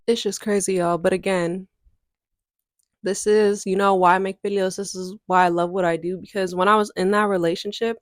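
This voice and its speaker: A woman's voice: medium pitch, little pitch movement, moderate pace, no room sound, studio quality. A woman, chatting candidly to her viewers in a casual storytime vlog. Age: 20s. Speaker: content creator.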